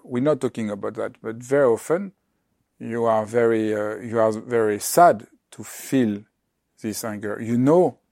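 Man, interviewer, gravelly voice, dry close sound, halting phrasing. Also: on the low side, darkish tone, no room sound. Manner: halting, restarts sentences. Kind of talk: conversational questioning.

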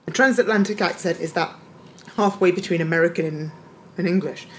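A woman's voice: on the low side, brisk, a little hiss or hum. Chatty woman podcast co-host. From Scotland. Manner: chatty, laughs often, picks at words. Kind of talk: casual chat.

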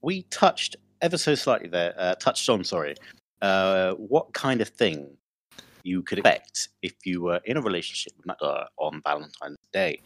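A man's voice: sits low, big pitch swings, normal speed, no room sound. A man co-hosting a podcast, trading teasing, dry banter in casual chat. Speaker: podcast co-host.

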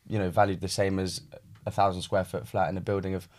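A man's voice: sits low, level tone, quick pace, darkish tone. A man co-hosting a casual podcast as a real estate advisor, joking and steering the chat back on topic, in a small room.

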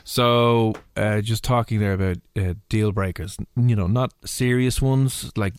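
A man's voice: lowish voice, normal speed, few pauses, clear, resonant tone, dry recording. A young man hosting a radio show, chatting casually and teasing his co-host with jokes. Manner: teasing, jokey, puts on silly voices.

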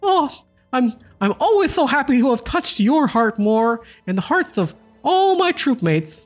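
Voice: high-pitched, big pitch swings, measured pace, faint music behind, pitched above the performer's own voice, exaggerated voice. A game master putting on a bubbly jester. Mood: gushing. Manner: bubbly, gushing, oblivious. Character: relentlessly cheerful male jester troupe member.

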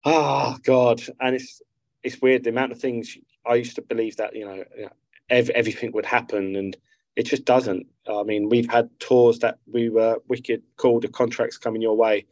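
A man's voice: mid-range voice, level tone, moderate pace, a little mellow, dry recording, rough recording. A man, chatting casually as a guest musician, rambling and swearing freely. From South London. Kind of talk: casual interview chat.

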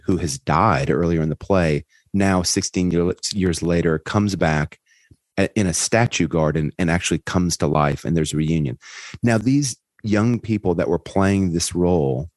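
A man hosting a podcast who tells stories in a lively conversational way, and his voice climbs high when he gets excited. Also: normal speed, dry recording. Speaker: podcast host. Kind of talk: conversational storytelling in an interview.

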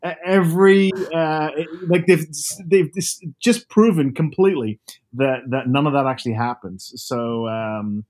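A man in his fifties from Northern Ireland with a softened Northern Irish accent, chatting as a guest author over a video call and telling lively, animated stories. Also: medium pitch, unhurried. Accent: Northern Irish, softened by years abroad. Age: 50s. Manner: animated storyteller, lively asides.

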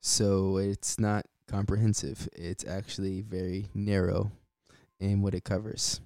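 A man hosts his podcast in a relaxed, unhurried way, often breaking into a short chuckle. His voice sits low and comes through smooth and resonant. The sound is dry and close, with no room in it. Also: no room sound. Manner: laid-back, chuckles often between points. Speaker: podcast host. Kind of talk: casual solo podcast talk.

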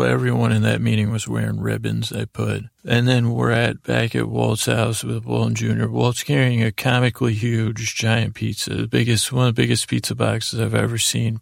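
Man, very gravelly voice, dry close sound, meandering recap with fillers, sleep podcast host. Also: mid-range voice, monotone, dry recording. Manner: meandering, halting retelling with many fillers.

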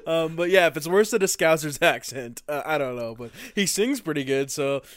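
A man's voice: on the high side, lively intonation, normal speed, few pauses, no room sound, clean studio sound. A man co-hosting a casual comedy podcast, reacting and chatting with some swearing. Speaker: podcast co-host. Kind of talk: casual chat.

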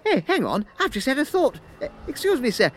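Bumbling, chatty man, lively voice. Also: very high voice, fairly quick, slight background noise. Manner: bumbling, chatty, addresses listeners as my friends. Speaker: comic narrator in character. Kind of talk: comic audio sketch narration.

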